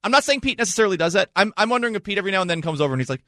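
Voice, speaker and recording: A man's voice: high-pitched, fast, no room sound, clean studio sound. A man co-hosting a sports radio show, joking around and running with food metaphors. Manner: playful, jokey, animated. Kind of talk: casual sports talk.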